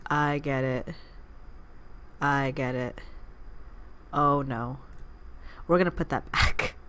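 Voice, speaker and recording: A woman with a notably low speaking voice talks her way through a game as the channel's host. Her commentary wanders into distracted asides and playful teasing of the on-screen heroine. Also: fairly even intonation, takes it slowly, a bit bright, clear, resonant tone. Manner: rambling, distracted chatter with asides. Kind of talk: let's play commentary.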